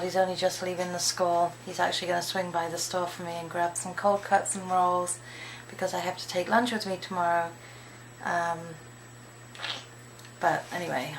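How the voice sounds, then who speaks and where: A British woman talks into her camera at home at the end of a tiring day, rambling casually and chatting to her dogs. Her voice is low and gravelly. The home camera audio carries a clear hiss of background noise. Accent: British English. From Britain. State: tired. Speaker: vlogger. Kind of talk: casual video diary. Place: home indoors.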